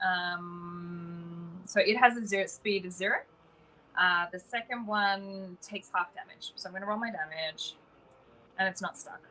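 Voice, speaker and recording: A woman's voice: on the low side, a little slow, bright, forceful tone, low-quality recording. An Australian woman playing a tabletop game online, chatty as she explains her spells and their rules. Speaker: player. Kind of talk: casual tabletop game chat.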